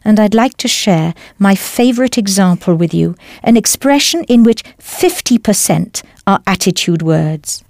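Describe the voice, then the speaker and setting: Woman doing a language course, animated pitch, dry studio sound, upbeat teacher vibe. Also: measured pace, few pauses, no echo. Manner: clear, encouraging instruction. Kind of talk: scripted audio lesson.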